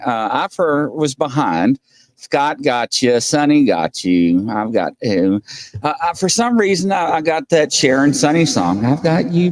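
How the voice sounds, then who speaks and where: Male live-stream host, rambling casual chat, animated delivery, dry recording. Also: mid-range voice, dry recording. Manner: rambling, laughs often, reads out viewer names.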